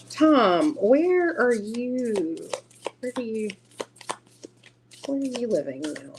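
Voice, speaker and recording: A woman's voice: on the high side, very animated, slow pace, long pauses, darkish tone, a little hiss or hum. A woman with a Southern US accent hosting a casual tarot live stream, chatting freely, laughing often and answering her viewers. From Southern United States. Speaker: tarot livestream host.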